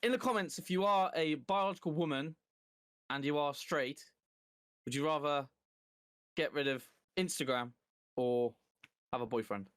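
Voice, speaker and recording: A man's voice: on the high side, normal speed, pauses often, fairly bright tone, clear, resonant tone, dry recording, studio quality. A man co-hosting a podcast, making laid-back, wry remarks in casual chat. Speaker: podcast co-host.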